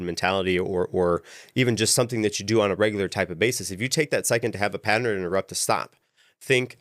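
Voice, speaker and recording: A man co-hosting a casual talk, giving calm coaching advice and often repeating words as he thinks. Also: fairly low pitch, no room sound, studio quality. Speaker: podcast co-host. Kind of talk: casual chat.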